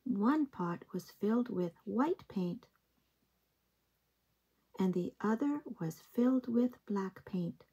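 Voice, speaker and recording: A woman reading picture books aloud to young children in a slow, gentle, expressive way. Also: mid-range voice, husky, muffled recording. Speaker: early-years storytime reader.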